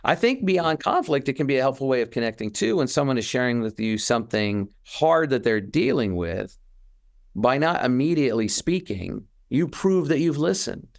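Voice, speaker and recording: A man with a gravelly edge to his mid-pitched voice talks through ideas on a podcast. He is earnest and animated, breaking off to restart sentences and act out little quotes. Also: normal speed. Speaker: podcast co-host. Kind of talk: casual reflective conversation.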